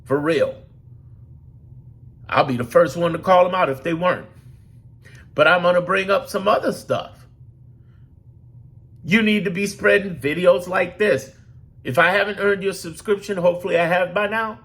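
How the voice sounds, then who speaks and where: Gravelly, emphatic man. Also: on the high side, fairly bright tone. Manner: emphatic, profane, preachy. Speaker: political commentator. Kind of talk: direct-to-camera political talk.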